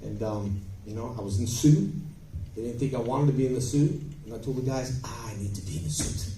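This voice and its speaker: A man telling stories as a guest on a convention panel, in an animated, emphatic way with bursts of volume, recorded on a phone from the audience. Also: medium pitch, normal speed, slight background noise. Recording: echoey hall, phone from far off.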